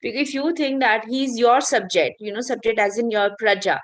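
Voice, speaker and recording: A woman's voice: a little high, normal speed, lightly acted. A woman voicing a hungry male eagle from a fable who argues for his food. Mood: insistent. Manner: pleading, argumentative.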